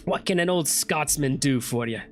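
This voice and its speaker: A man's voice: fairly high pitch, normal speed, faint music behind, close to an everyday voice. A man reading as a stout old Scottish brawler. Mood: friendly. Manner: read-aloud game dialogue, no attempt at the accent. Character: stout older male Scottish fighter, gruff mentor.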